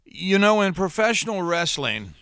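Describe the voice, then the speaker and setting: A middle-aged man hosting a solo podcast in a trained broadcaster's voice, speaking earnestly and with long dramatic pauses. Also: sits high, very animated, creaky, a bit bright, smooth, no echo. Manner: slow deliberate delivery with dramatic pauses; earnest, heartfelt. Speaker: podcast host.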